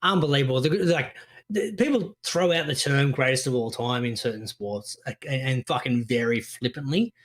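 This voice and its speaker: A man's voice: medium pitch, normal speed. A man, co-hosting a podcast with rambling, sweary storytelling full of fillers. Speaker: podcast co-host. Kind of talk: casual chat.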